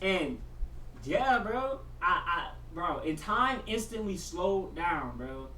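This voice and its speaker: A vlogger telling a story in slangy casual chat, saying "bro" a lot, moving between mumbled asides and loud excited bursts. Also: mid-range voice, slow pace, far from the mic. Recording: echoey room, voice from off the mic, faint hiss.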